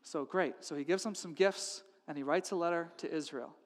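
A man's voice: fairly high pitch, brisk, big-room sound. A man preaching a sermon, telling a story with humor and acting out its characters. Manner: animated, acts out characters with funny voices. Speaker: pastor.

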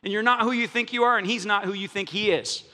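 A man's voice: high voice, fast, bright, forceful tone, big-room sound. A man playing a sly tempter who acts as a news reporter, taunting his listener.

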